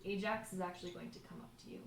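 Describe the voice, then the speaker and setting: A woman's voice: fairly low pitch, fairly even intonation, rapid-fire. A woman narrating as game master in a tabletop game, casual and chatty with many fillers. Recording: echoey room with noise.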